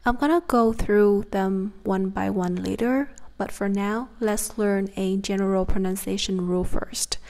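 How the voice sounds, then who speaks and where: Slow, careful woman teaching pronunciation. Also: mid-range voice, fairly even intonation, darkish tone. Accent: Southern Vietnamese. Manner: slow, careful, demonstrates sounds. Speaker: language teacher. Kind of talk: pronunciation lesson.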